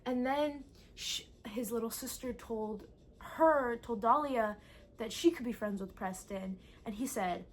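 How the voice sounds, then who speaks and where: Brief: young woman, book vlogger, high-ish voice, excitable and sweary, casual chat. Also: a little slow. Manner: excitable, gushing, swears a lot.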